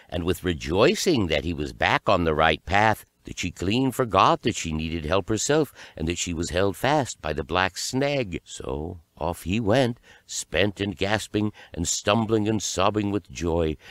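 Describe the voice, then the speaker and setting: Male storyteller, very deep voice, slow deliberate read-aloud, dry mic. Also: no room sound. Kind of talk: fairy tale read-aloud narration.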